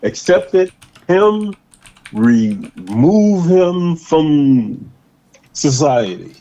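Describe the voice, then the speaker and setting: A man hosting a casual political chat show, talking in an animated way and stretching out words for emphasis. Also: fairly high pitch. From Boston area. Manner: animated, drawn-out emphatic delivery. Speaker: podcast host. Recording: slightly dull lo-fi sound.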